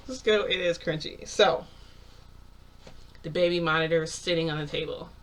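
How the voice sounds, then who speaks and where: Chatty rambling man with a higher voice. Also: measured pace, fairly bright tone. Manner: rambling, heavy use of "like"; chatty, laughs often. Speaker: vlogger. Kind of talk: casual storytelling.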